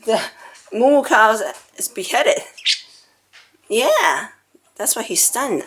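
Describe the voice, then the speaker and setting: A woman narrating a casual home video, excitable and cooing baby talk to her pet bird. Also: on the high side, slow, long pauses, low-quality recording. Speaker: pet vlogger. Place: at home indoors.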